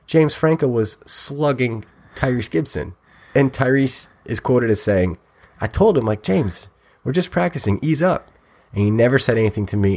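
A man with a low voice co-hosts a podcast in relaxed, casual chat. He tells rambling, jokey stories and drifts between points. His low voice stays easygoing throughout. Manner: rambling storyteller, loose and jokey. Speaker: podcast co-host.

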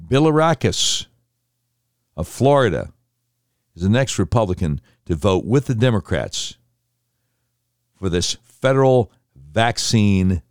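A man reads through a list and comments on it in an indignant, sarcastic tone. His pitch is lively and swings widely. The recording is dry and close, with no room sound. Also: slow, long pauses, no echo. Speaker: political commentator. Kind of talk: reading a vote list with commentary.

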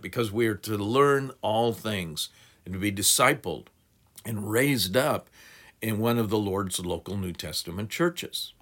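A Bible teacher gives a methodical teaching sermon, working through numbered points and reading scripture aloud. His voice is fairly low in pitch with a fairly bright tone.

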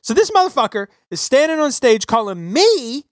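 A male podcast host on a profane political rant, his pitch swinging widely as he hammers his points home. He sounds close and dry on his microphone, with no room sound. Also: normal speed, few pauses, dry recording. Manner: swearing, ranting, animated and emphatic.

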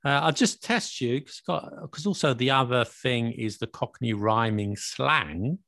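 A man's voice: mid-range voice, lively intonation, unhurried, gravelly, pushed and bright, dry recording. A man hosting a casual lesson, explaining slang with worked examples and chuckling now and then.

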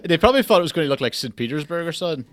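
A young man with a Donegal Irish accent from the border area, chatting casually on a podcast in a flat, deadpan, unimpressed-sounding way. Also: on the high side, very fast, a little hiss or hum. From Donegal, Ireland. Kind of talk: casual chat.

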